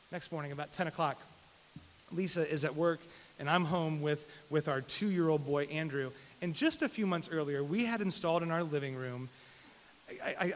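Animated man telling a story in a hall. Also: fairly high pitch. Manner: animated, self-deprecating, repeats words. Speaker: speaker sharing a personal testimony. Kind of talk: personal storytelling testimony. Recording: long hall reverb, faint hiss.

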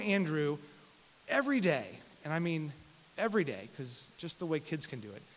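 A man telling a personal testimony story in an animated, self-deprecating way, often repeating his words. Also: high voice. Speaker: speaker sharing a personal testimony. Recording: long hall reverb, faint hiss.

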